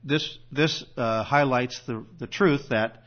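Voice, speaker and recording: A man's voice: mid-range voice, slow. A man teaching a congregation on a Bible passage in a conversational way, often restarting with fillers. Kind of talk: teaching sermon. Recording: dull, lo-fi sound.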